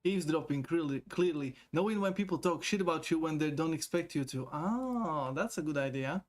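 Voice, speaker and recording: A man's voice: a little high, fairly quick. A man streaming live, chatting casually, reading viewers' messages aloud, rambling and swearing with frequent laughter. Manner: rambling, profane, laughs often, reads chat aloud.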